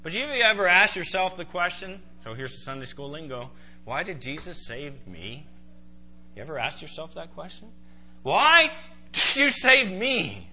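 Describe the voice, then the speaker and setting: A man preaching a sermon to a congregation, emphatic and animated. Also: a little high, moderate pace, a little hiss or hum. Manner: emphatic, rising to loud exclaiming in voiced quotes. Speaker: pastor.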